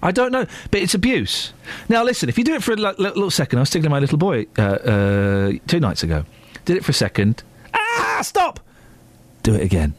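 A middle-aged man hosting a casual radio chat, teasing and joking, sometimes breaking into silly squeaky voices. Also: big pitch swings, fast. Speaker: radio host. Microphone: studio microphone.

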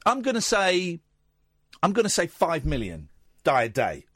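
Lively, excitable radio host. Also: male voice, fairly high pitch, measured pace, husky, dry recording, studio quality. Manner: playful, excitable, jokey. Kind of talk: late-night radio chat. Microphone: studio microphone.

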